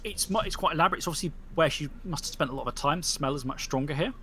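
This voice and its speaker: Male game master narrating a tabletop game, halting and descriptive, slightly high voice, faint noise behind. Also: sharp tone. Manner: descriptive, halting with many fillers.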